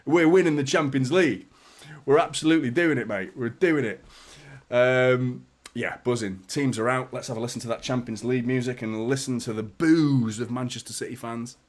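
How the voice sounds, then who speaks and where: A man's voice: medium pitch, normal speed. Chatty man on a live stream. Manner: chatty, greets viewers by name, swears casually. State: a little out of breath. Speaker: football watchalong streamer. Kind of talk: casual live stream chat.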